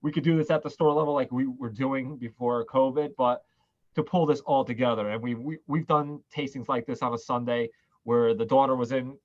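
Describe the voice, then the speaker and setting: A man's voice: mid-range voice, steady tone, a little fast. A man in the middle of his range hosts a wine tasting over a video call, telling stories with relish. His audio is somewhat dull and muffled. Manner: enthusiastic storyteller, quotes people. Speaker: wine shop host of virtual tasting. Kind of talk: casual chat.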